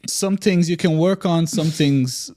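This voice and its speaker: A man on a podcast speaking calmly and reflectively from his own experience. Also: on the high side, a little slow, no room sound, studio quality. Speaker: podcast guest. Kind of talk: casual podcast conversation.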